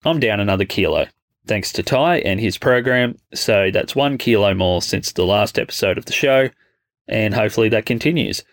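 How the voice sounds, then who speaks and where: A man's voice: on the low side, expressive, normal speed, no echo, studio quality. A man co-hosting a podcast, chatting casually with a congested, thick-sounding voice. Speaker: podcast co-host.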